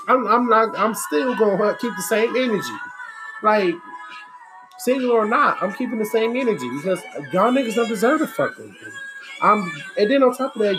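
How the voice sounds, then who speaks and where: A woman talking bluntly and profanely in an exasperated, candid monologue. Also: mid-range voice. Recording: music playing behind the voice. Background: music.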